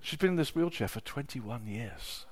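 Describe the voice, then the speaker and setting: A middle-aged man preaching a sermon, telling personal stories with emotion, dropping to a hush and then rising to loud exclamations. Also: mid-range voice, lively intonation, moderate pace, slightly rough. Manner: emotional, swings from hushed storytelling to loud exclamation.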